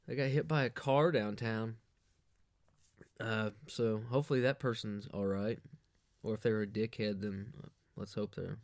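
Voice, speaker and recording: A man's voice: mid-range voice, no room sound, studio quality. Profane, boastful man rambling through stories. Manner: profane, boastful, loose storytelling. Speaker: podcast host. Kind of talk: crude rambling comic monologue.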